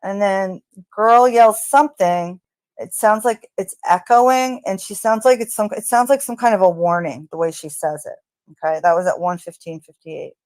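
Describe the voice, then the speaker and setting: A woman casually narrating what she hears in a recording, halting often with ums and restarts. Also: mid-range voice, a little mellow, no echo. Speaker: true crime commentator. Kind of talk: casual narration of audio analysis.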